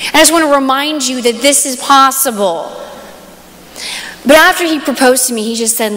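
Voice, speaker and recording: A young woman giving a conference talk, telling a personal story with animated, excited storytelling. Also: sits high, normal speed. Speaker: conference speaker. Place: large hall. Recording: live hall with long reverb.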